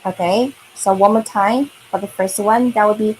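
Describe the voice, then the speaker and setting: A woman's voice: mid-range voice, fairly even intonation, moderate pace, hardly any pauses, husky. A woman teaching a beginner Chinese lesson for children online, patiently repeating each word for the learners to echo. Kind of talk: online kids' language lesson.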